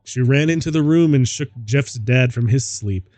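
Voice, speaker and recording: A man's voice: medium pitch, normal speed, a little mellow, no echo. A man streaming himself reading a story aloud, laughing at the text and adding mocking asides. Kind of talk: casual dramatic reading.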